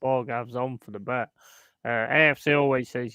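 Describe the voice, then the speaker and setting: A man's voice: medium pitch, fairly even intonation, moderate pace, sharp tone, smooth, dry recording. A man hosting a live stream, chatting casually and bluntly, swearing and joking with his chat.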